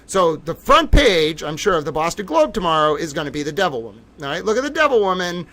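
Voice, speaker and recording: A man hosting a livestream, talking in an excitable, theatrical way that swings from low muttering to loud outbursts. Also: fast talker. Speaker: livestream host. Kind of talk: livestream commentary.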